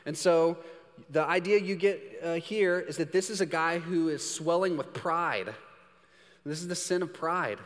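A man preaching a casual, joking sermon, slipping into quick voices to act out examples. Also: fairly high pitch. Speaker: pastor. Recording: long hall reverb.

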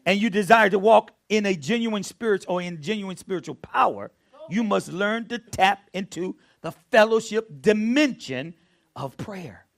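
A man preaching a prayer sermon as pastor, repeating phrases and swinging from soft murmurs to loud shouts. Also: high voice, animated, vocal fry. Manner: repeats phrases, drawn-out emphatic delivery.

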